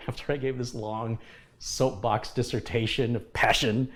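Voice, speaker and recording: A man's voice: mid-range voice, steady tone, a little slow. A man hosting a live computer repair stream, talking casually but with passion and emphasis, lecturing his viewers. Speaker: livestream host. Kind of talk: casual livestream talk.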